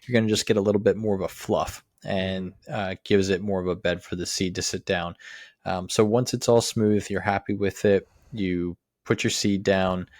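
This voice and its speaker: A man with a very deep voice and very little pitch movement gives lawn care instructions. He talks in an easy, practical way, dotted with "uh" and "um". The sound is dry and close to the mic. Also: steady tone, moderate pace, a little mellow, no echo. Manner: plain how-to explaining with many "uh"s. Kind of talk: casual instructional talk.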